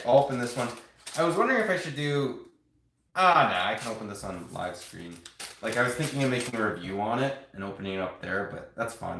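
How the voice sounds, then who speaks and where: A man's voice: fairly low pitch, a bit bright, slight background noise. A man chatting casually on a live stream, rambling to his viewers as he builds and shows off toy sets. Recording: roomy home room echo.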